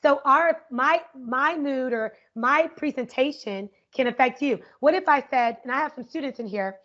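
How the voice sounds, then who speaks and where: A woman educator leading an interactive online workshop, energetic and upbeat, often checking in with "right?", speaking over a video call. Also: high-pitched, moderate pace. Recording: muffled lo-fi video call audio.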